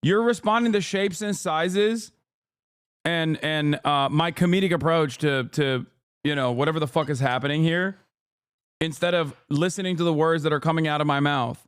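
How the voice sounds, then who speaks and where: A man's voice: a little high, normal speed, clean tone. A male livestream host giving combative, sarcastic and profane reaction commentary.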